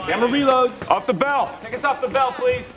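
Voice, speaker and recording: An actor playing a film director calling out commands on set. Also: male voice, very high voice, brisk, roomy sound, background noise.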